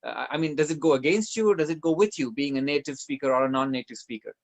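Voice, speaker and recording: A man's voice: fairly high pitch, fast, gravelly. A man from the Philippines, hosting a webinar on a video call and reading out viewer questions with hesitant fillers. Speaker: webinar host.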